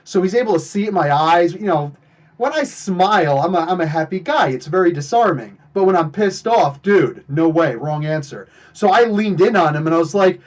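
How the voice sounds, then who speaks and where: A man's voice: high voice, moderate pace. A man from New Jersey hosting a live comics podcast, telling stories and greeting chat viewers between them. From New Jersey, USA. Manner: animated, talks to chat viewers between anecdotes. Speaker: podcast host. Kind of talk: live stream chat and storytelling. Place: home streaming setup, living in Canada.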